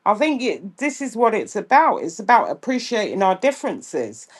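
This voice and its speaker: London-accented woman co-host, measured delivery, some hesitant fillers, easygoing chat. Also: medium pitch, very animated. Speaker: podcast co-host. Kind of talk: casual chat.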